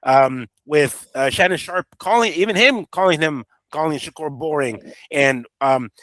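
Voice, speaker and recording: A man's voice: a little high, normal speed, a bit bright, no echo. A man hosting a boxing podcast, telling the story in a loose, rambling and profane way. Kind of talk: casual chat.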